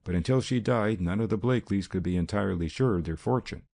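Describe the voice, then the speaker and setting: Man voicing detective professor, calm, measured, low dark voice, audiobook. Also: creaky. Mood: assured.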